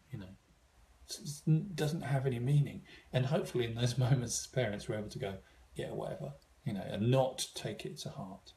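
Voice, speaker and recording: A man's voice: mid-range voice, mellow. A man giving an informal seminar talk, thoughtful, with frequent fillers and restarts. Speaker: seminar speaker.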